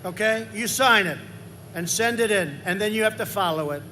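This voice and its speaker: A man in his seventies giving a rambling, repetitive campaign rally speech, swinging into loud emphasis. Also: high-pitched, lively intonation, moderate pace, a little hiss or hum. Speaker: politician at a rally.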